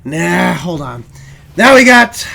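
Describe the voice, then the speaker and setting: Podcast co-host, man; high, gravelly, swinging pitch; taunting comic patter. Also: big pitch swings, takes it slowly, pushed and bright. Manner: taunting, rummaging aloud through a bag. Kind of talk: improvised comedy bit.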